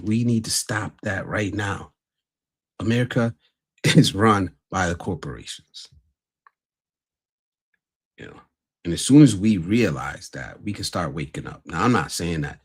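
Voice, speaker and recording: A man's voice: sits low, breathy edge. A man hosting a casual livestream, talking bluntly and earnestly to his viewers. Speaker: livestream host.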